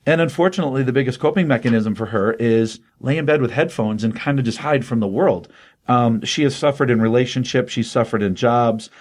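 Older male reviewer, casual and earnest, mid-pitched, rambling delivery. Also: fairly quick. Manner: earnest, rambling with fillers, emotionally open. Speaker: comic book reviewer. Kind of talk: casual comic book review.

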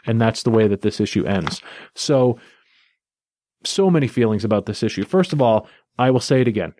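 A man's voice: fairly low pitch, fairly quick, warm tone, no echo, clean studio sound. Chatty man recapping with enthusiasm. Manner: enthusiastic, chatty, loose storytelling. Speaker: comic book reviewer. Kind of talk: casual spoken recap and review.

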